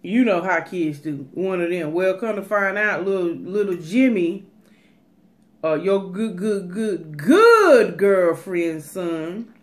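A woman's voice: fairly low pitch, measured pace. Woman vlogger, casual and emphatic, talks straight to her viewers. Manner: emphatic, advice-giving, repeats "let me tell you". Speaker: cooking and mukbang vlogger. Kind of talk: casual chat.

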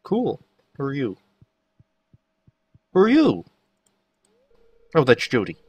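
A man's voice: on the high side, husky, far from the mic. A man giving casual gameplay commentary, chatting to the characters as he plays. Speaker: let's play host.

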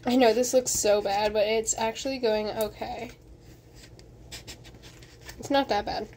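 A young woman chats her way through a home cooking vlog, nervous and giggly as she talks. Her voice sits a little high. The recording carries clear background noise. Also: fairly even intonation, measured pace, darkish tone. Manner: chatty, nervous, giggly commentary. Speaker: vlogger. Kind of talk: casual cooking vlog narration.

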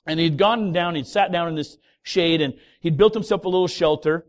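High-voiced male pastor preaching. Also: normal speed. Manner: dramatic storytelling, swings from loud to hushed. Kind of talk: sermon.

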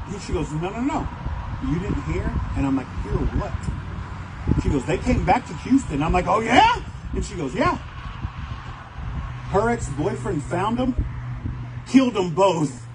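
A man preaching a sermon in a church, telling stories in an animated way and acting out the voices of other people. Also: sits high, very noisy. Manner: animated storytelling, acts out voices, fast bursts. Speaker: pastor.

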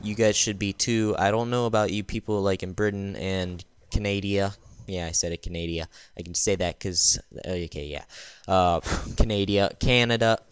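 A tired man talking over his gameplay in a loose, rambling way, tripping over his words and reaching for ums. His voice sits on the low side and comes through smooth and clean. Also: moderate pace, no echo. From United States. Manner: rambling, full of ums and restarts. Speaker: gaming channel host. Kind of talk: casual gameplay voice-over commentary.

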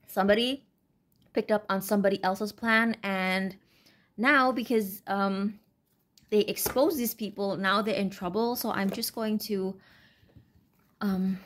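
A woman giving a casual, unscripted tarot reading, talking in a halting, rambling way with many fillers and restarts. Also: mid-range voice, steady tone, a little hiss or hum. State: brain fog, stuttering. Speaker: tarot reader.

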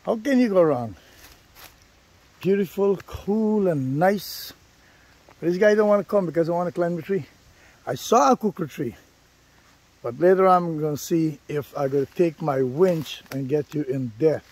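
A man's voice: fairly high pitch, moderate pace, pauses often. A man vlogging outdoors in the bush, chatting enthusiastically to his viewers while driving. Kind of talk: casual vlog narration. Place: outdoors in rural bush, often driving a vehicle. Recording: outdoor recording with loud engine and wind noise.

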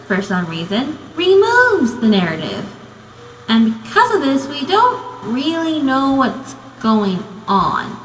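Rambling young American woman, slow and echoey. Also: fairly high pitch, fairly bright tone, slight background noise. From United States. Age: young adult. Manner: rambling, full of "you know" and "um". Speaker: student. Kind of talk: casual video essay narration. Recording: echoey room with long reverb.

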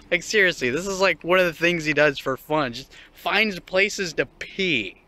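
Young man, profane and mocking, lively up-and-down pitch, laughs a lot, outdoors on a walk. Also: slow. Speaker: vlogger. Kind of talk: casual rant while walking a dog.

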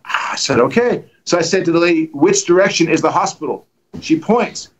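A middle-aged man preaching, telling testimony stories in an animated way and acting out the dialogue. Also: a little high, brisk, rough recording. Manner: animated, acts out dialogue with lively voices. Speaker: guest preacher. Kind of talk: storytelling testimony.

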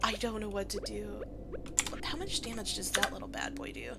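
Animated young woman narrating gameplay. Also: medium pitch, a little fast, vocal fry, very noisy. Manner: animated, self-deprecating, laughs a lot. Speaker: gaming video creator. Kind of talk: casual gameplay commentary. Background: keyboard clicks and typing.

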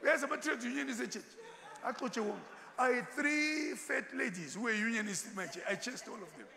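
A man's voice: extremely high pitch, expressive, fairly quick, creaky, sharp tone. A man preaching a sermon as a bishop, asking the congregation questions and telling stories with humour. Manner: call-and-response preaching with rhetorical questions; humorous storytelling, laughs often. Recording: long hall reverb, faint background noise.

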